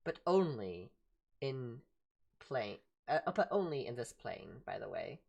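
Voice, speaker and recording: Casting: woman playing an enigmatic magic cat, polite and measured, low voice that swoops between notes. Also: creaky, full character voice. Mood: calm, formal. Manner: calm, formal, measured.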